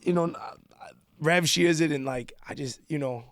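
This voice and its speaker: A man with a Boston accent, a podcast guest telling a drinking story in a rambling, halting way full of fillers. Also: a little high, no room sound, clean studio sound. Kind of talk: casual chat.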